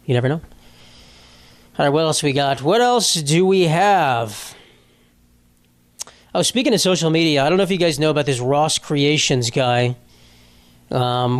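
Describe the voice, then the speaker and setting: Rambling, profane young man podcaster. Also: on the high side. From United States. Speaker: podcast host. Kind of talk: casual solo podcast monologue.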